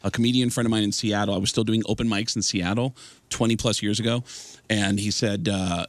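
A man in his forties, a stand-up comedian, telling an animated story as a guest on a radio show. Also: on the low side, no echo. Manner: animated storyteller, quick asides. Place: radio studio.

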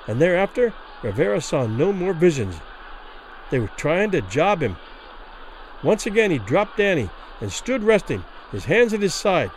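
A man's voice: a little high, moderate pace, slight background noise, poor audio. A man narrating a classic short story in a dramatic audiobook reading. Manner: expressive, dramatic.

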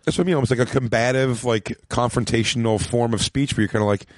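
A man's voice: mid-range voice, dry recording, clean studio sound. A male comedian chatting casually on a podcast, rambling and swearing as he acts out quotes in his stories. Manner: rambling, profane, quick to act out quotes. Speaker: comedian guest. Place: small home studio room.

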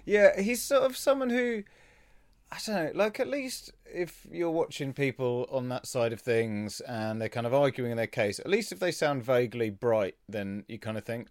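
A man's voice: medium pitch, animated, normal speed, dry recording. A man with an ordinary mid-range voice rambles loosely as a podcast guest, laughing and swearing as he goes. His tone is casual and easy. He is close-miked in a dry space. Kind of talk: casual comedic podcast chat.

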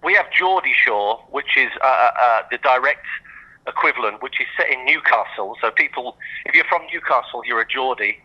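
A man's voice: mid-range voice, lively intonation, fairly quick, dull audio. A man with an English accent, a podcast guest chatting casually with hesitant, understated dry humor. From England.

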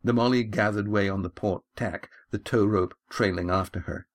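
A man reading his own adventure novel aloud in a measured, steady storytelling manner. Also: on the low side. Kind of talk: audiobook narration.

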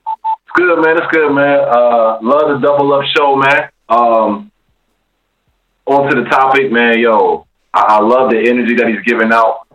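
A man's voice: mid-range voice, measured pace, fairly bright tone, highs cut off. A man calling in to a talk show, easygoing, filling his talk with casual fillers. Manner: easygoing, peppers talk with "man" and "you know". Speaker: caller. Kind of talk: casual call-in chat.

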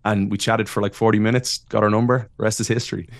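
Animated Irish man telling stories. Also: fairly low pitch, fast talker, gravelly, no echo. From Ireland. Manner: animated, self-deprecating, laughs often. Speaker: podcast guest, wrestling announcer. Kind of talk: casual interview storytelling.

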